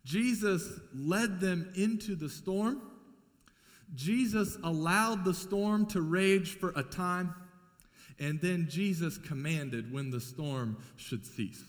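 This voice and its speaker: Emphatic high-voiced male pastor preaching. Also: takes it slowly. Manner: emphatic, repeats key phrases. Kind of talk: sermon. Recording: long hall reverb.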